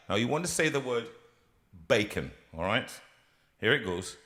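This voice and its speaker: A man's voice: medium pitch, animated, normal speed, long pauses, pushed and bright. A man in his sixties hosting a casual live show from his home studio, jokey and rambling, with lots of ums and restarts. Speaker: host.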